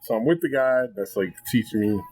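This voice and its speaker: A man telling a funny story in casual chat, animated and laughing often, his voice jumping high when excited. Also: fairly quick, faint music behind, poor audio. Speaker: podcast guest. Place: restaurant table.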